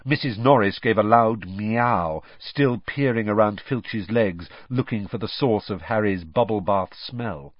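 A man reading an audiobook aloud with an animated, dramatic delivery, on a slightly dull, dry recording. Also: lowish voice, a little slow, hardly any pauses, dry recording. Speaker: audiobook narrator. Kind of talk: audiobook narration.

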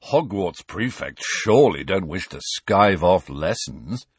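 A man's voice: low-pitched, lively intonation, unhurried, slightly rough, no room sound, full character voice. A man voicing Fred, a cheeky teenage prankster who teases in a mock-grand way.

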